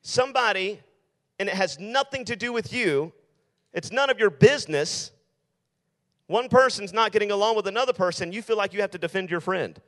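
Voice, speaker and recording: A man's voice: sits high, lively intonation, fairly quick, a bit bright, long reverb tail. A male youth pastor preaching to teenagers in an emphatic style, repeating his key lines. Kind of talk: sermon.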